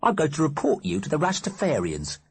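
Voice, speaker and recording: A man doing a cheeky, squeaky teenage boy. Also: huge pitch swings, vocal fry, husky, no echo, full character voice. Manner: cheeky, quick-witted.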